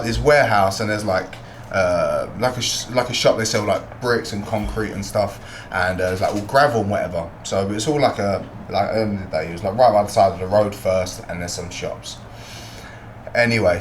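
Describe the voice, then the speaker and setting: A British man, a fighter and podcast guest, tells a street story with lively energy, swearing freely and acting out what people said. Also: fairly low pitch, fairly quick, slight background noise. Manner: swears freely, acts out quotes. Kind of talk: animated storytelling. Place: podcast studio. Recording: roomy echo.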